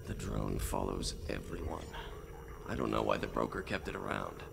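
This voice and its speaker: Weary male broker, very deep, gravelly, wry and understated. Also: big pitch swings, moderate pace, background noise, exaggerated voice. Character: weary male information broker, loyal friend.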